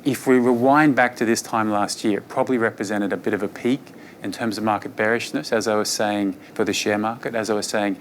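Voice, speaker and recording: A fund manager, a man, giving an investor presentation on markets in a relaxed, conversational way with frequent fillers. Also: on the low side, fairly quick, a little hiss or hum.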